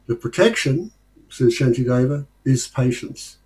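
A man leading a casual study group discussion, talking in a thoughtful, unhurried way with pauses and fillers. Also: mid-range voice, animated, a little mellow, low-quality recording.

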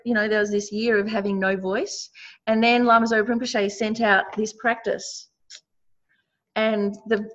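A woman's voice: medium pitch, a bit bright, muffled recording. A woman, a Buddhist meditation teacher, tells a personal story earnestly over a video call, often restarting her sentences. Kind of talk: online teaching talk.

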